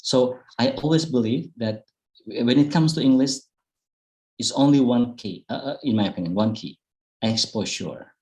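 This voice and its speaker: Speaking over a video call, a middle-aged Indonesian guest speaker with an Indonesian accent gives a casual public speaking talk, leaning on fillers and restarting sentences. His voice is medium-pitched and darkish at a normal pace, captured on a low-quality recording.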